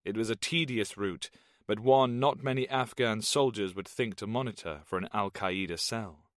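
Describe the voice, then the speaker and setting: Steady man reading a thriller audiobook. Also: lowish voice, moderate pace, no room sound, clean studio sound. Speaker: audiobook narrator. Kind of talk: scripted narration.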